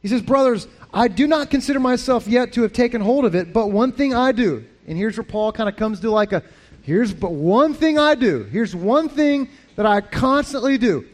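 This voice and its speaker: A man preaching as a pastor, talking in a lively, conversational way with frequent restarts. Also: very high voice, normal speed. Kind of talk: sermon.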